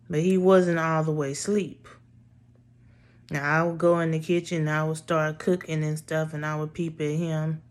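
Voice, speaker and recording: A woman casually telling a personal story in a blunt, profane, exasperated way. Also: fairly low pitch.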